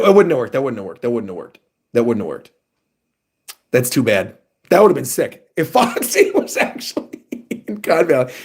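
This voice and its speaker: A man on a casual livestream reacting to a new manga chapter. He talks in a fairly high voice and gets excitable and animated as he reads panels aloud and comments. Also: vocal fry, slightly rough.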